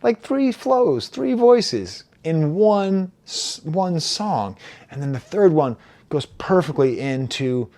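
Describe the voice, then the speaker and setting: Animated male album reviewer. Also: a little high, takes it slowly. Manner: animated, laughs at himself, reads lyrics aloud. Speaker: music reviewer.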